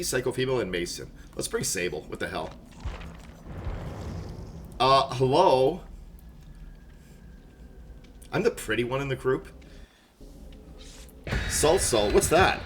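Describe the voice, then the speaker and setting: A man's voice: medium pitch, a bit bright. A young adult man from Montreal, live-streaming a game and chatting casually and jokingly with his chat. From Montreal, Canada. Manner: chatty, jokey, reads and answers chat.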